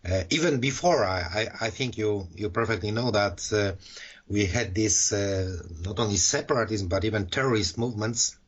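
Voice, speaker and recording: A man's voice: lowish voice, moderate pace, husky. A man from Poland co-hosting a podcast in casual political discussion, hesitant and full of fillers and restarts. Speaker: podcast co-host. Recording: dull lo-fi sound.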